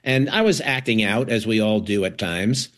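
A man's voice: on the low side, normal speed, a bit bright. A man being interviewed as a guest actor, talking casually with frequent fillers, restarts and laughs.

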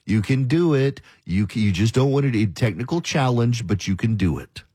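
This talk radio host, animated and speaking at a normal speed, has a dark, mid-range voice with a breathy edge and no room sound. He rants emphatically through an opinionated monologue, mocking critics in quoted voices.

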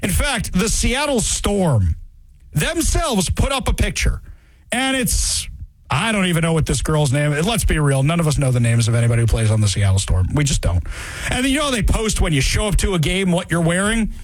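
A man's voice: high voice, normal speed, dry recording. A man hosting a talk show, delivering a sarcastic, opinionated commentary monologue. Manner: sarcastic, mocking, animated.

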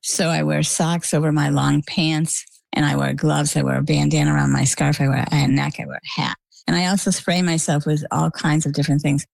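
A middle-aged woman with a gravelly, creaky voice tells a personal story to an interviewer. She talks in a lively, anecdotal way and circles back with repeated phrases. The recording is dry and close, with no room sound. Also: low-pitched, a little fast, no room sound, low-quality recording. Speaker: interview guest.

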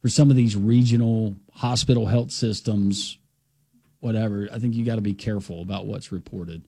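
A man co-hosts a sports talk show and throws in quick joking asides. His voice is gravelly and husky, with a dark tone. It sounds dry and close, with almost no room echo. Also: on the low side, steady tone. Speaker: sports radio co-host.

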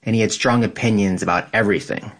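Low-voiced man reading his essay. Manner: calm, measured, reflective.

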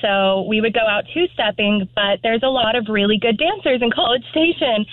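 A woman's voice: on the high side, normal speed, no room sound. A woman from Texas calling into a radio show, chatty and self-deprecating, laughing at herself as she tells a story. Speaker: radio caller. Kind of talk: phone-in storytelling. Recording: dry tinny phone line.

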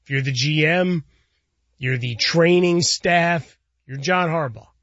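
Slightly high-voiced man talking sports betting. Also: takes it slowly, fairly bright tone, dry recording. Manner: conversational, tags statements with "right?", chuckles. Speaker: sports talk co-host. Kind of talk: casual sports and betting talk. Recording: dull lo-fi recording.

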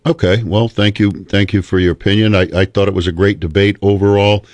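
Male call-in radio host, very low pitch, dry studio sound, unhurried and a bit halting. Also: steady tone, darkish tone, no echo. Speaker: radio talk show host.

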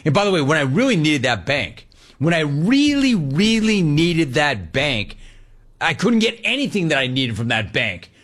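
Animated older man ranting on radio. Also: a little high, normal speed. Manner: animated rant with mocking voices. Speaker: sports radio host. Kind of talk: call-in radio talk.

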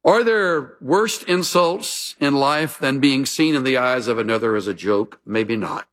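A man preaching a sermon, telling stories with folksy humor and animated emphasis. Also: medium pitch, measured pace. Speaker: pastor.

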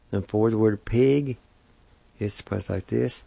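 A man's voice: fairly low pitch, vocal fry, mellow, no echo. A man giving a weekly language lesson, carefully sounding out each word syllable by syllable and repeating it for learners. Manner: slow, deliberate, sounds words out syllable by syllable and repeats them. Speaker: language teacher. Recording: dull lo-fi recording.

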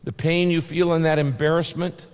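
A man preaching a sermon as pastor, earnest, repeating key phrases and dropping his voice low to stress a point. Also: fairly even intonation, moderate pace, a little mellow, smooth, long reverb tail.

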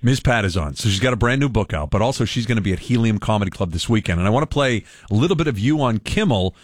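A man's voice: lowish voice, lively intonation, quick pace, dry recording, clean studio sound. A man hosting a radio interview, chatting and promoting his guest. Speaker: radio host.

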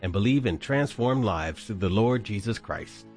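A man's voice: on the low side, lively intonation, moderate pace, a little mellow, soft background music. A man reading a scripted radio program introduction. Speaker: program announcer.

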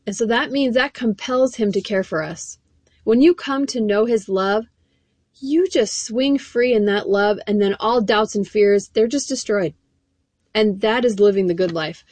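A woman's voice: a little high, dry recording. A woman preaching a sermon, reading scripture and speaking earnestly and emphatically straight to her listeners.

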